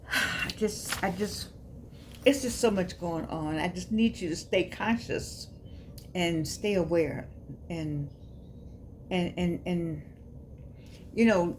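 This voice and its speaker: A woman's voice: lowish voice, slight background noise. A woman giving a casual, heartfelt talk to her viewers, repeating and stumbling over her words in a preacherly way. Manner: repetitive, stumbling, emotional, preacherly. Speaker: author and host giving a daily talk.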